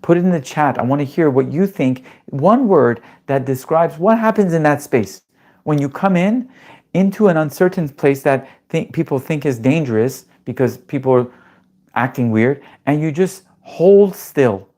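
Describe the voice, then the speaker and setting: In a live-streamed class on calming the nervous system, a man coaches emphatically and bluntly, swearing casually and tossing questions to his audience. His voice is fairly high, at normal speed.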